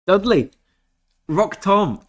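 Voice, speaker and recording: A man's voice: sits high, lively intonation, drawn-out words. A laid-back young Englishman streaming a game and chatting with viewers in a jokey, easygoing way. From England. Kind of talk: casual livestream chat with viewers.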